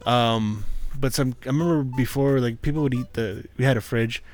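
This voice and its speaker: A man chatting casually on a podcast in a laid-back, halting way, swearing often. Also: medium pitch, a little mellow, soft background music. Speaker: podcast co-host. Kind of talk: casual chat.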